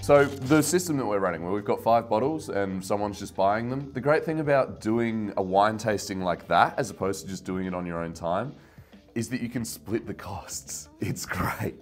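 A man's voice: on the low side, normal speed, faint music behind. A young man hosting a wine channel, rambling casually and getting worked up, mocking himself as he goes. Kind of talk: casual rant to camera.

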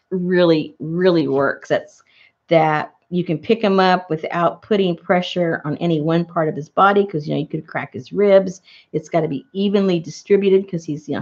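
A woman's voice: medium pitch, highs cut off. A middle-aged woman chatting casually while crafting, rambling through asides and laughing often. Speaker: crafting vlogger.

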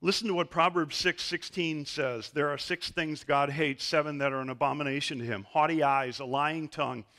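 Middle-aged male pastor, bright slightly high voice, animated sermon storyteller. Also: normal speed, few pauses. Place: church sanctuary.

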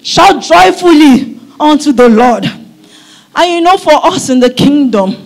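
A middle-aged woman pastor preaching a sermon at a church service, fervent and often breaking into shouts. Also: high voice, animated, unhurried, creaky.

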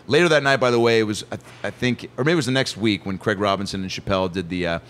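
A male comedian telling a story as a guest in a casual chat, excitable and self-mocking. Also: lowish voice, fast talker.

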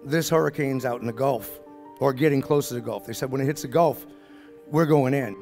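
A middle-aged man with a New Orleans accent tells his story in a folksy way and acts out each voice in the dialogue. His voice has a gravelly, fry-edged texture. Faint music plays under him. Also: medium pitch, brisk, darkish tone. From New Orleans area, Louisiana. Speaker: speaker at a business summit. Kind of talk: storytelling talk.

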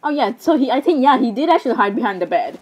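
Young woman, fairly high voice, giggly, rambling game commentary, casual filler-heavy talk. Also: sing-song, quick pace, breathy edge. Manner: rambling, giggly, says "literally" constantly. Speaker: gamer.

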